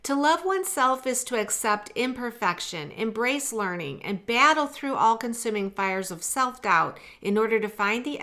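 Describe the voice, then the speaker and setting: A middle-aged woman talks through an oracle card reading in a relaxed, chatty way. She reads passages aloud from a guidebook and breaks off into heartfelt personal asides. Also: medium pitch. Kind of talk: casual tarot-style reading to camera.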